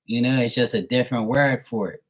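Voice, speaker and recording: A man who reads tarot on a live stream rambles in casual chat with a medium-pitched, brisk voice. He's loose and profane, swearing freely, laughing often and mimicking how other people talk.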